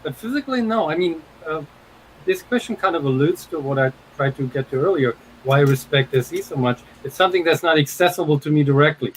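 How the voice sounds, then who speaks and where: A man's voice: on the high side, expressive, fast, low-quality recording. A man on a live panel chat, talking bluntly and emphatically, swearing casually, with a faint hum behind him. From Germany. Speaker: panel guest.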